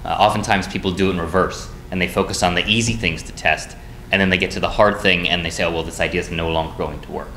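A man with a very deep voice lectures methodically, laying out steps one by one for business students. The sound is roomy and echoing, with a faint background hiss. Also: steady tone, fast, bright, forceful tone. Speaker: business school instructor. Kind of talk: recorded lecture. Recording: echoey room, faint noise.

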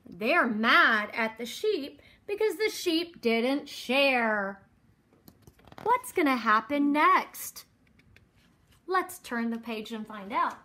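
Female developmental therapist at home, reading to a toddler; high, slow, very animated delivery. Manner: slow, exaggerated, prompting questions. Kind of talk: reading a picture book aloud to a toddler.

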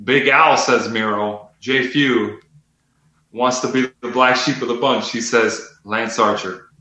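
A man's voice: medium pitch, fairly even intonation, a little slow, bright, forceful tone, roomy sound, poor audio. A man co-hosting a casual wrestling predictions chat, joking and laughing often as he reads out picks. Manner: laughs often, jokey asides. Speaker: co-host reading predictions.

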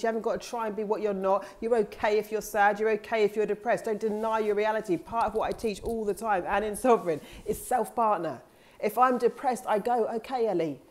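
A woman's voice: medium pitch, a little mellow. A woman life coach talking casually and earnestly to her audience, candid and now and then swearing, acting out her own past thoughts in quoted asides. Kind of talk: casual motivational monologue.

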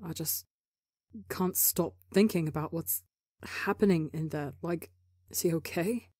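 A woman's voice: deep voice, fairly even intonation, normal speed, a little mellow, slightly rough, dry recording, clean studio sound. A woman voicing a frantic young man who stammers in panic over his partner, in an audio story reading. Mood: distraught.

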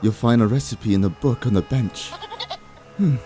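Brief: cryptic old crone for a game, read by a man, hushed and mellow-toned, faint music under. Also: mid-range voice, normal speed, lightly acted. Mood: bossy. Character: cryptic old female witch, sly and menacing. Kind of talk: voicing game dialogue.

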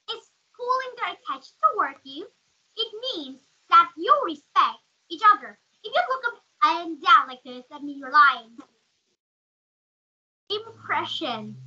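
A woman with a Vietnamese accent leads an online class, asking questions and calling on students by name. Her voice is very high and strikingly bright. The audio is dull and lo-fi, as on a video call. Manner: calls on students by name, asks many questions. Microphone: computer mic on a video call.

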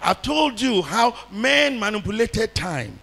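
A man with a very high, intensely gravelly voice preaches a fervent sermon as pastor, his delivery bright and sharp. He leads the congregation in repeated prayer lines, and long reverb trails his words through a big hall. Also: big pitch swings, slow.

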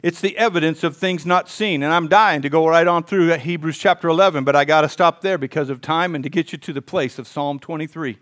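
High-voiced fired-up preacher man. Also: a little fast, few pauses. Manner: swings from hushed intensity to fired-up exclaiming; calls on the congregation to repeat lines. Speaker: pastor. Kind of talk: sermon.

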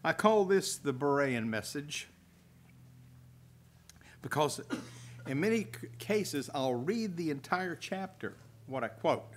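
A man's voice: fairly high pitch, lively intonation, takes it slowly, pauses often, a little hiss or hum. Older man preaching a folksy sermon. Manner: folksy, chuckles, restarts while reading scripture. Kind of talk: sermon with scripture reading. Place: church hall at a religious festival.

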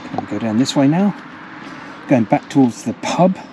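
Walking outdoors through a village, an English travel vlogger records himself narrating casually as traffic rumbles in the background. He's expressive at a moderate pace, chatty and rambling, and tends to repeat words.

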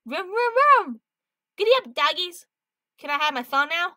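A woman voicing a carefree, airheaded young female contestant in a story game, giddy and loud. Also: high-pitched, fairly quick, dry recording, clean studio sound.

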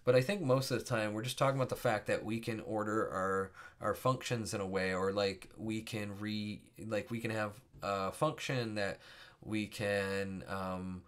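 Low-voiced man teaching code, thinking aloud. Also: fairly even intonation, moderate pace, a bit bright. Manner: thinking aloud, many fillers and self-corrections. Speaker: programming instructor. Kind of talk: casual screencast coding tutorial.

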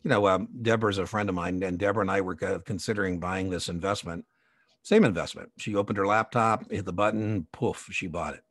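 A middle-aged man gives a relaxed exam prep lecture, drifting into anecdotes and side remarks as he goes. His voice sits on the lower side. The sound is dry and close, with no room around it. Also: a little fast, no room sound. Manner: chatty, digressive, with personal anecdotes and asides. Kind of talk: conversational recorded lecture.

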